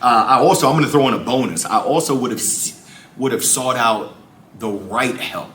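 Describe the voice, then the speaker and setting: Upbeat male guest, animated storyteller, roomy sound with faint ambient noise. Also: medium pitch, moderate pace. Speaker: guest speaker. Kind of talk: lively interview conversation.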